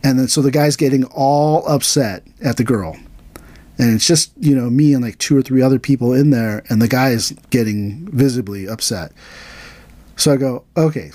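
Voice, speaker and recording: A man's voice: mid-range voice, moderate pace, no room sound. A man hosting a podcast, telling a story in a casual way and acting out the dialogue with a livelier voice. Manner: animated, acts out quoted dialogue in a raised voice. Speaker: podcast host, aikido teacher.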